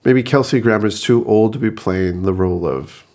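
A man's voice: on the low side, moderate pace, darkish tone. A man co-hosting a podcast in casual chat, curious and asking questions, laughing easily. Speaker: podcast co-host.

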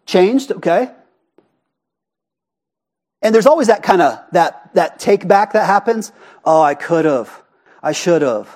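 A man preaching a sermon in a church, animated and conversational, often asking the congregation questions. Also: sits high, slightly rough. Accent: Arizona. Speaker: pastor. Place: church sanctuary.

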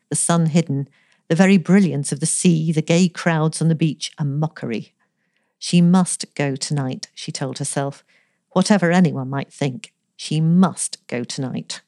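A woman narrating a romance story in a measured, even reading. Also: deep voice, no room sound, clean studio sound.

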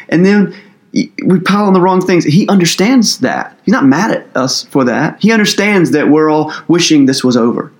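A man with a somewhat high voice preaches a sermon to his church family. He talks casually and earnestly, with loose, conversational phrasing and many fillers. He sounds like a pastor talking things through rather than reading a script. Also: animated, moderate pace.

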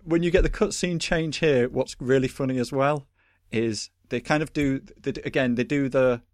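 A man, chatting casually as a podcast host, rambling and animated with lots of fillers. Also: mid-range voice, normal speed, no room sound. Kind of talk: casual chat.

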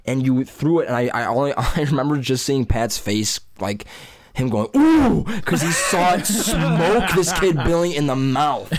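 A man's voice: medium pitch, moderate pace, over a noisy crowd. A young man co-hosting a podcast, chatting casually and often breaking into laughter. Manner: excitable, laughing a lot. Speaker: podcast co-host. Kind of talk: casual chat.

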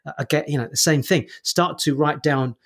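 A man on a podcast giving coaching advice, explaining things in quick, animated bursts with many restarts. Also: a little high. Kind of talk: casual conversational podcast talk.

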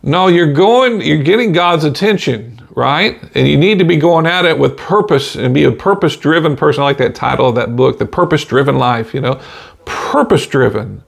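Gravelly higher-voiced male preacher. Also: lively intonation, moderate pace. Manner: folksy, frequent "amen" and "you know"; chuckles between points. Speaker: podcast preacher. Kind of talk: informal podcast sermon.

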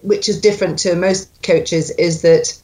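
Animated woman dialect coach, echoey room. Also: on the low side, measured pace. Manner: animated, demonstrating sounds and accents. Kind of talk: coaching an actor in an accent session.

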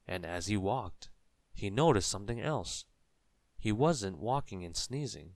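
A man reads a children's story aloud in a gentle, measured way. His voice is deep and he takes his time. The recording is close and dry, with no room sound. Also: expressive, no echo.

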